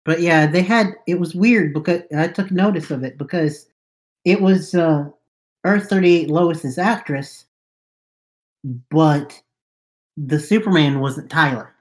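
A man co-hosting a casual podcast, calmly correcting and adding details. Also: fairly high pitch, slow pace. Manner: corrects and adds details, easygoing. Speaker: podcast co-host. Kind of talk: casual chat about a TV show.

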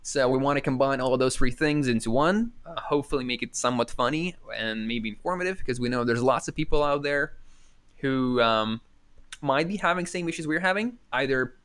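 A man's voice: mid-range voice, brisk, fairly bright tone. A man co-hosting a podcast on a remote call from home, chatting casually and rambling in a self-deprecating way, with many restarts. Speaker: podcast co-host. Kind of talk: casual chat.

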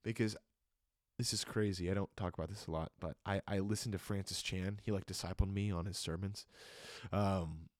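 A young host's low, steady voice moves briskly as he shares his personal testimony on a solo podcast, with studio-quality audio and no echo. He jokes at first, then becomes reflective, staying earnest and emotional and leaning on many fillers.

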